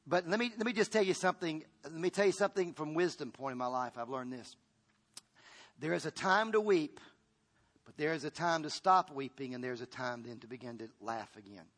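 A pastor, a man with a slightly high voice, preaches a sermon. His delivery moves between loud and hushed, and he repeats words and restarts phrases along the way.

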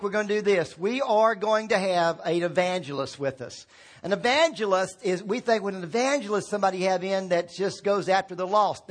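High-voiced pastor preaching to a congregation. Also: male voice, fairly bright tone. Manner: informal, calls on congregation to repeat words. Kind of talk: sermon. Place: church sanctuary.

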